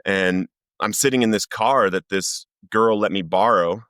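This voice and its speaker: A man's voice: fairly low pitch, measured pace, a bit bright, no echo, clean studio sound. A man, a podcast guest, giving an earnest personal recovery testimony as vivid storytelling that acts out the lines he quotes.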